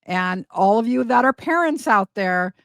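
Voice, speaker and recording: Brief: higher-pitched woman commentator, dry close sound, emphatic and incredulous. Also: lively intonation, a little slow, no echo. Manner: incredulous, emphatic, repeats words for effect. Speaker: commentary host. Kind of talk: casual commentary.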